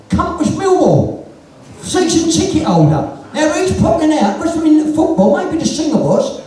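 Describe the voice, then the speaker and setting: Here the London punk musician's voice sits high and warm, with a little hiss or hum in the background. He's a guest at a live music venue, chatting to the crowd through bawdy, sweary stories and performing the characters' lines himself, heard distantly amid the room's echo.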